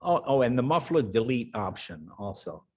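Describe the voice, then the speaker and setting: Older man telling lively stories. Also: medium pitch, moderate pace, breathy edge. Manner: acts out family members in raised, shouting voices. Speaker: guest. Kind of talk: animated storytelling.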